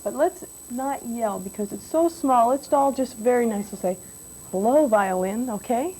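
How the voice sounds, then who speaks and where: A woman giving a music lesson to young children in a classroom, patient and gentle, asking them questions. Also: fairly high pitch, expressive, moderate pace, noisy background. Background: banjo playing.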